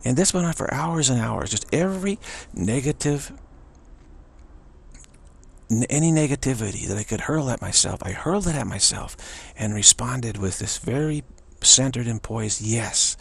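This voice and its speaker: A man giving an earnest spiritual talk as a teacher, halting and often repeating words. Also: medium pitch, expressive, creaky, breathy edge.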